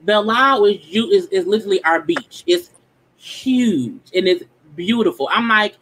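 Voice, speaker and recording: A woman on a casual chat panel who speaks bluntly and swears freely. Her voice sits at a middle pitch. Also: expressive, a little slow, fairly bright tone, slight background noise, poor audio.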